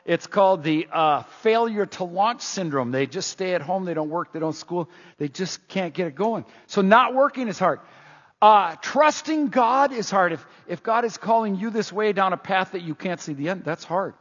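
Middle-aged guy preaching, high husky voice, punchy and repetitive, dull echoey hall sound. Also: normal speed. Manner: animated, emphatic and repetitive. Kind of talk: sermon. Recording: dull reverberant church sound.

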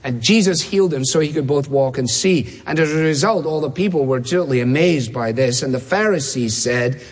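A man preaching a sermon, emphatic, repeating key phrases and slowing down to stress words. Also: a little high, slightly rough. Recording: long hall reverb.

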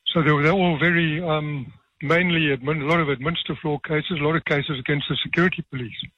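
A retired judge, telling stories with dry, self-deprecating humour in a radio interview. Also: male voice, a little high, fairly even intonation, fast, no room sound, muffled recording. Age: 70s.

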